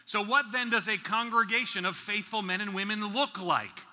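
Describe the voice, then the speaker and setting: Preaching in a big, echoing conference hall, this man from around New York City has a high, sharp-toned voice. He stretches out important words for emphasis and tosses in playful asides throughout his sermon.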